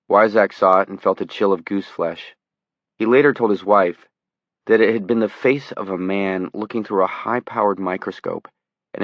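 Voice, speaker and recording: Male audiobook narrator: deep, measured, tense; dull lo-fi recording. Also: dry recording.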